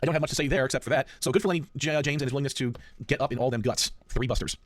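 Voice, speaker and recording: Podcast host guy talking super fast, chatty and emphatic, dry close mic. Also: mid-range voice, dry recording. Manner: quick, chatty, emphatic, repeats himself. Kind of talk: casual podcast chat.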